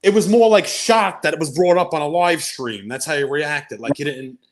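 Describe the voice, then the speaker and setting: A man chatting casually as a guest, mocking and quick to laugh. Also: fairly high pitch. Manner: lively, mocking, laughs a lot. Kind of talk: casual chat.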